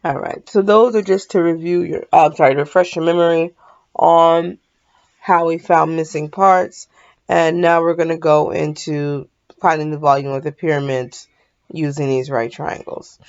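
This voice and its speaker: A woman's voice: deep voice, a little mellow, muffled recording. A woman math teacher talking through a recorded lesson in a sleepy, yawning, casual way, often stopping to apologize and correct herself.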